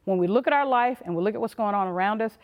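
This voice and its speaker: A woman's voice: medium pitch, fast talker, narrow, tinny audio. Emphatic woman speaking in a reverberant hall. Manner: emphatic, punchy, acts out little quoted voices. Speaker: motivational conference speaker. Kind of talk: motivational leadership talk.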